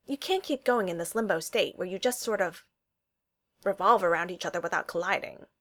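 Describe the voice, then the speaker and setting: A woman voicing a steady, motherly woman who is the boss, firm and encouraging. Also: lowish voice, a little fast.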